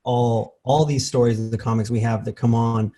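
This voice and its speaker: A man co-hosting a podcast, musing with a hesitant, halting delivery. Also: mid-range voice, fairly even intonation, dark tone. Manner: hesitant, restarts while musing. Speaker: podcast co-host. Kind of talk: casual podcast chat.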